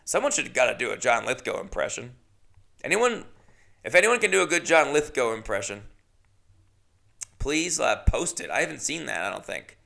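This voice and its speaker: A man's voice: mid-range voice, big pitch swings, moderate pace, gravelly, long pauses, bright, forceful tone. A man hosting a solo podcast, rambling casually with chatty, self-mocking asides. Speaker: podcast host.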